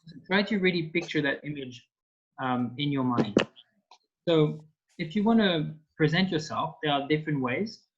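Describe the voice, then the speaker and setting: A man's voice: on the high side, lively intonation, normal speed, a little hiss or hum. A man with a French accent teaching an online language lesson, explaining patiently with many fillers. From France. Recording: dull lo-fi call audio.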